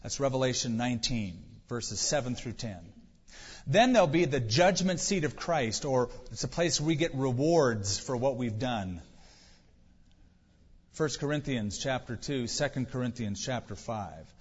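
Man preaching with a husky voice. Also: medium pitch, lively intonation, unhurried. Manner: conversational preaching with rhetorical questions and wry humor. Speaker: pastor. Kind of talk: sermon. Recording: dull, lo-fi sound in a reverberant hall.

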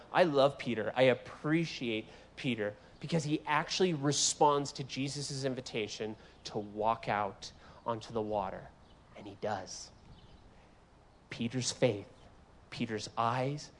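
A male preacher delivering a lively sermon, joking with the congregation and acting out the lines he reads. His voice sits a little high for a man. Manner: animated, joking, acts out voices in the scripture. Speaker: guest preacher.

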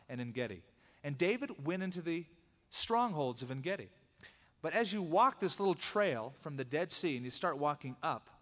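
A man preaching a sermon, telling the story in an animated, conversational way. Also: on the high side. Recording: long hall reverb.

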